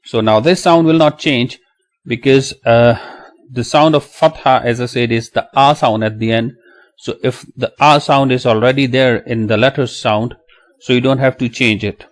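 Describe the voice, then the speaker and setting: A man's voice: mid-range voice, steady tone, moderate pace. A man teaching a beginner Quran lesson, patiently spelling out letters and vowel signs and repeating each sound. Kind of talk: slow step-by-step lesson.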